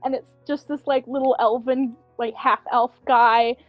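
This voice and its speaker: A woman game master narrates a tabletop session in a high, dry voice recorded close to the mic. She talks casually, hesitating and filling her pauses as she describes the scene. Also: level tone, no room sound, dull audio, faint music behind.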